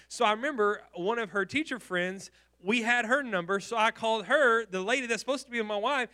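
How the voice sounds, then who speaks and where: A male pastor preaching a sermon, telling a personal story with animated restarts and repeated words. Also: sits high, moderate pace, few pauses.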